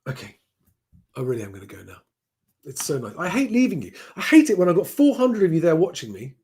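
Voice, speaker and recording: A man's voice: fairly high pitch, huge pitch swings, quick pace, a little mellow, husky. A man hosting a casual live stream at home, rambling and chatty as he answers viewer comments, often restarting his sentences. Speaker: livestream host reading viewer comments.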